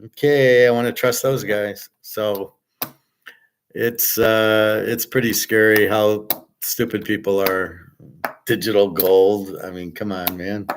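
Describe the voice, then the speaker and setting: A man's voice: lowish voice, level tone, slow, a little hiss or hum. Profane, sarcastic male streamer. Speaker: host. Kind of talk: livestream rant reading chat.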